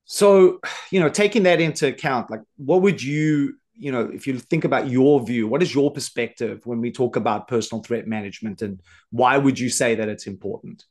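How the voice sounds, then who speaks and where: Podcast host guy, mid pitch, stumbles through his question with lots of you knows. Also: a little mellow. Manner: halting, full of fillers. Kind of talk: interview question.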